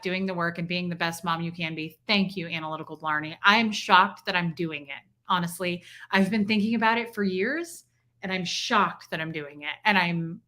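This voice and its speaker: Young woman streamer, bright clear voice, gushing, reads chat names aloud. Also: mid-range voice. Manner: effusive, thanks viewers by name. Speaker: livestream host. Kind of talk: casual livestream chat reading donations.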